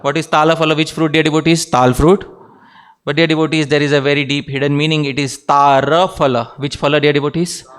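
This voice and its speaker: A man teaching a devotional class, keeping the room involved with questions and a repeated affectionate address. His voice sits on the higher side for a man. He breaks into light laughs between his points. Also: flat delivery, fast, clean tone. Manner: engages audience with questions, repeats "dear devotees". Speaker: speaker giving a scripture class.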